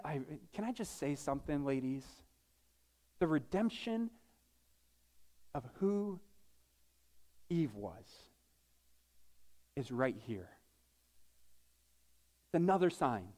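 High-voiced joking pastor. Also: male voice. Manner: casual and joking, with frequent restarts. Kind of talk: sermon.

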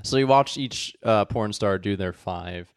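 Low-voiced young man, laughing banter. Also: clean tone, no room sound, clean studio sound. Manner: laughs often, quick agreeing interjections. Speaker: podcast co-host. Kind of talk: casual crude comedy banter.

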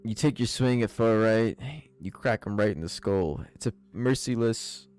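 A man narrating as game master of a tabletop role-playing game, casual and laughing at times, with music playing softly behind him. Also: lowish voice, moderate pace, clean tone.

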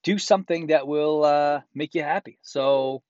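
A man's voice: fairly high pitch, normal speed, a little mellow, dry recording, lo-fi sound. A man reads a listener's letter aloud and breaks in with crude, profane, sarcastic comments. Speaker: host reading a listener's letter.

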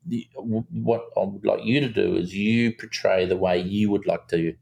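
A man's voice: on the low side, normal speed, vocal fry. A man, a film director, telling a story in a casual interview, with lots of restarts. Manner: animated storyteller, acts out quotes, many restarts.

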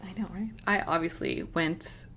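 A woman's voice: on the low side, moderate pace, fairly bright tone, husky. A woman co-hosting a book podcast, chatting casually with many filler words. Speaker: podcast co-host.

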